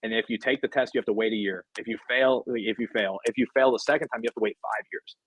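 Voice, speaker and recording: A man's voice: lowish voice, fairly even intonation, very fast, slightly rough, no room sound, low-quality recording. A man, a podcast guest, telling his career story in casual, rambling talk full of fillers. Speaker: podcast guest, sports agent. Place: podcast studio.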